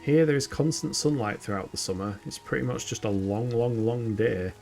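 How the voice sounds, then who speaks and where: Over soft background music, a northern English man from the United Kingdom gives casual gameplay commentary, chatty and self-deprecating with frequent laughs. His mid-range voice is a little mellow, with vocal fry and a moderate pace.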